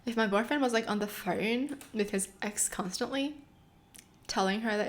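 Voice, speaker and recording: A woman hosting her channel, casually reacting to online stories she reads out, expressive and emotional, often exclaiming and laughing. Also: on the high side, normal speed. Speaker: channel host reading and reacting to online posts.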